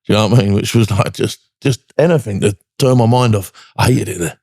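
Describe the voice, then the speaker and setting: Veteran guest, older than forty: rapid, gravelly, dark tone, blunt and profane. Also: male voice, on the low side, no room sound, clean studio sound. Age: 40s or older. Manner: blunt, heavy swearing, frequent "do you know what I mean". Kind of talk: candid podcast interview.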